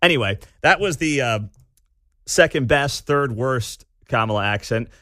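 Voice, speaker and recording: A male talk radio host who comments with sarcasm and swings his pitch all over. His voice is bright and forward. The studio sound is dry and close. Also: unhurried, no echo. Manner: animated, sarcastic, mocking.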